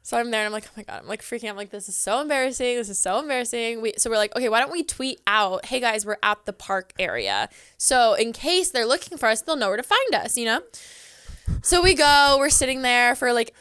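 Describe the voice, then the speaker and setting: A young Southern California woman, a podcast guest, tells a casual story in a chatty way, packing in "like" and acting out her own past lines. Her voice sits on the high side with big pitch swings, a fairly quick pace, and a fairly bright, clear, resonant tone. The recording is dry and clean, with studio sound.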